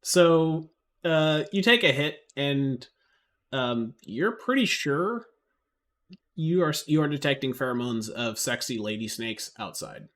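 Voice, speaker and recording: This is a man game master narrating a tabletop session in a rambling style, full of restarts and fillers. His pitch sits right in the middle of the range. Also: expressive, unhurried, fairly bright tone.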